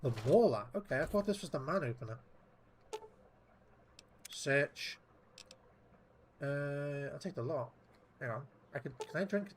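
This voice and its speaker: A man's voice: on the high side, animated, a little slow, long pauses, slight background noise. A man giving casual gameplay commentary, muttering to himself in an offhand and profane way. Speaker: gameplay streamer.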